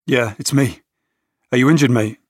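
A man's voice: medium pitch, normal speed, slightly rough, no room sound, studio quality, close to an everyday voice. A man voicing a strained injured survivor. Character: 36-year-old man, injured crash survivor.

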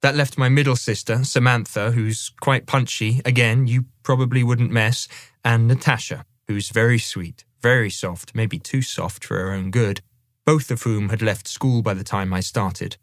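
A man narrating a memoir audiobook in a measured, conversational first-person reading. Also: medium pitch, steady tone, no room sound, studio quality.

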